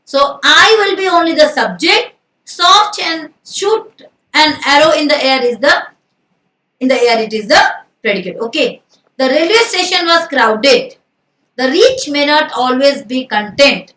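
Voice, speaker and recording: Indian woman teacher, high voice, a step back from the mic in an echoey room, quizzes and answers herself. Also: animated, unhurried, bright, forceful tone, recorded from a distance. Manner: asks and answers own questions, mixes in Hindi. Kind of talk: grammar lesson.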